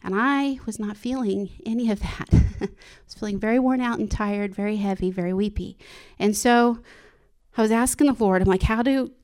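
In an informal devotional sermon to her church, a woman speaks earnestly and personally, often laughing and starting her sentences over. Her voice is medium in pitch and a little mellow, with fairly even intonation and a moderate pace.

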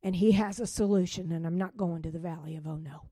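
A woman preaching a sermon with passion, swinging from loud rising calls to hushed, quiet drops. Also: fairly low pitch, steady tone, fast talker, breathy edge, no room sound. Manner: impassioned, with sudden loud rises and hushed drops.

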